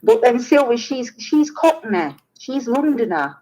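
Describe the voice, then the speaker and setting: A woman's voice: fairly high pitch, very animated, unhurried, mellow, poor audio. A British woman with a British accent hosting a live stream, chatting casually and trailing off into restarts mid-sentence. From Britain. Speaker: livestream host. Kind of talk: casual chat.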